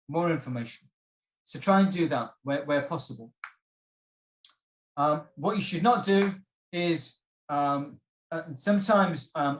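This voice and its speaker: A man presenting an exam-prep workshop, explaining tips in a relaxed way with frequent ums and restarts. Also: on the high side, roomy sound. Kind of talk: online workshop talk.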